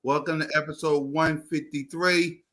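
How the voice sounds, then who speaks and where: Bright, upbeat male podcast host. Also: on the high side, little pitch movement, moderate pace. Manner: hype-man energy. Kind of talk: casual sports chat.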